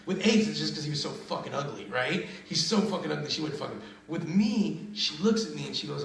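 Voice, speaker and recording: A man's voice: on the high side, animated, brisk, vocal fry, few pauses, a bit bright, reverberant, a little hiss or hum, poor audio. A man who is a comedian and radio host, telling crude stories in casual chat and laughing often. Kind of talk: casual podcast chat, storytelling.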